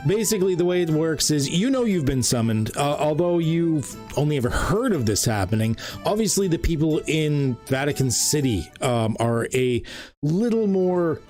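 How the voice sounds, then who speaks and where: A man's voice: a little high, sing-song, moderate pace, darkish tone, faint music behind. A man narrating a tabletop game as game master in a casual, rambling way, full of fillers.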